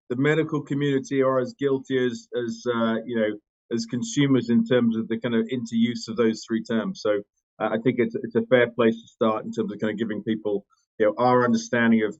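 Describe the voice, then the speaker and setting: A British man with a mid-range voice talks through his work as a podcast guest. He is thoughtful, pausing on ums and rephrasing as he goes. The audio sounds a little muffled. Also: medium pitch, flat delivery, darkish tone. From United Kingdom. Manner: thoughtful, many fillers and restarts. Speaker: company co-founder, guest. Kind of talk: conversational interview.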